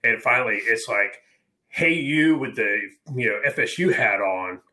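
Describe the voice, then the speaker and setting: Bright-voiced veteran telling a story. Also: male voice, fairly low pitch, moderate pace. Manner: animated storyteller, swears freely. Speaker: podcast co-host. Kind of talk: casual chat.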